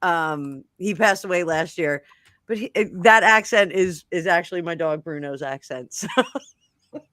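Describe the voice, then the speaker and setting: A woman's voice: fairly low pitch, a little slow, no room sound, studio quality. A woman co-hosting a live tarot stream, chatting casually and giggling often. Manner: giggly, animated.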